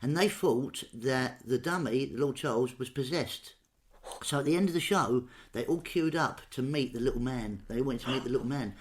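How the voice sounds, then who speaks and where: Brief: man, comic guest on a podcast, animated storyteller who jumps up in pitch for the punchlines. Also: normal speed. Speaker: comedian guest. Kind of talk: casual anecdote telling. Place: home.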